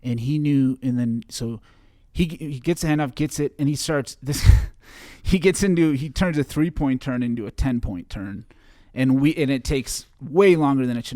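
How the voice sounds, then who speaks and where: A young man from Chicago, a guest on an interview show, recounting a personal story in a halting way with many fillers and restarts. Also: medium pitch, dark tone, no echo, clean studio sound.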